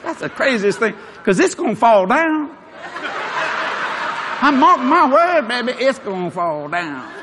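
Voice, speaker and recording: Male preacher, high animated delivery, chuckling storyteller, faint background hum. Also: measured pace, pauses often. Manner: animated, chuckling, shouts for emphasis. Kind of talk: storytelling sermon.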